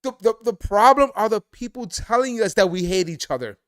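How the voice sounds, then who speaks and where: Bright, emphatic New man. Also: high voice, expressive, brisk, clear, resonant tone, no echo, studio quality. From Brooklyn, New York. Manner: emphatic, repeats himself. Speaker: live stream co-host. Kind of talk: casual political chat.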